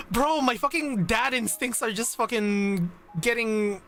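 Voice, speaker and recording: A man's voice: very high voice, extremely slow, long pauses, a bit bright, faint music behind. A man streaming a live reaction to a game story, talking emotionally and stammering as he gushes.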